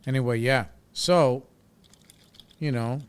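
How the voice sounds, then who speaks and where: A man's voice: mid-range voice, takes it slowly, clean tone. A man hosting a casual solo podcast, talking in a laid-back, rambling way with lots of fillers and swearing. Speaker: podcast host. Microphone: studio microphone.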